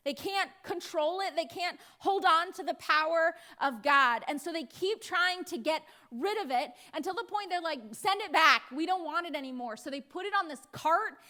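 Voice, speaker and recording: A woman's voice: very high-pitched, moderate pace, hardly any pauses, pushed and bright. An American woman pastor preaching a sermon in a playful way, acting out voices now and then. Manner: playful, acts out voices with laughs.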